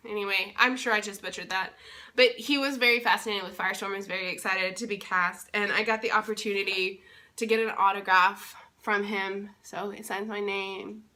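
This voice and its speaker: A woman's voice: medium pitch, sharp tone. A young woman from Texas casually recapping a convention weekend in a vlog, enthusiastic and rambling with plenty of fillers and restarts. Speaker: vlogger and convention interpreter.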